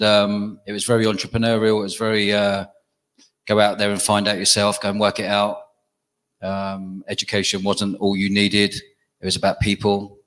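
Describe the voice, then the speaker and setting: A man's voice: fairly low pitch, fairly bright tone, low-quality recording. A middle-aged man, an entrepreneur, answering panel questions emphatically, repeating key phrases.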